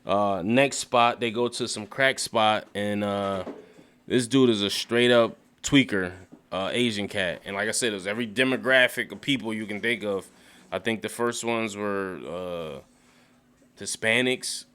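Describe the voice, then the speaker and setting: Low-voiced man ranting through a recap. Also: unhurried, clean tone. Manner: rambling, profane, animated storytelling with acted quotes. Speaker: YouTube show recapper. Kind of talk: casual recap rant.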